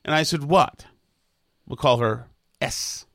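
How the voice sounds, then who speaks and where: A man's voice: medium pitch, slow, a bit bright, dry recording, clean studio sound. A middle-aged man telling a long rambling story in casual chat, restarting sentences and trailing off with self-deprecating asides.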